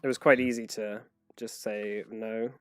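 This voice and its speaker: A man's voice: lowish voice, little pitch movement, unhurried, faint music behind. A man narrating as game master, explaining things in a rambling way with many restarts.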